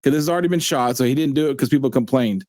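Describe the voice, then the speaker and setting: A man hosting a casual review chat, excitedly retelling scenes and acting out the characters' lines in quoted voices. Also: medium pitch, very fast, no echo, studio quality. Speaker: show host.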